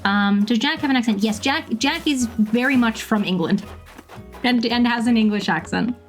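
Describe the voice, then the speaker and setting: A woman around thirty from Bermuda, chatting casually with viewers while she plays a game, laughing often and filling pauses with ums. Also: a little high, soft background music. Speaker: streamer.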